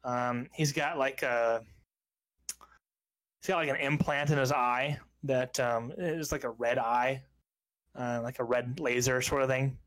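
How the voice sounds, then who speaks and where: A man's voice: mid-range voice, steady tone, measured pace, a bit bright. A young man narrating a tabletop game as game master, loose and full of fillers. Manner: loose, filler-heavy, descriptive.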